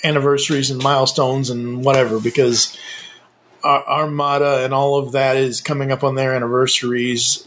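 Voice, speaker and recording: A man's voice: medium pitch, slight background noise. A man in his thirties co-hosting a casual podcast, rambling and opinionated. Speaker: podcast co-host.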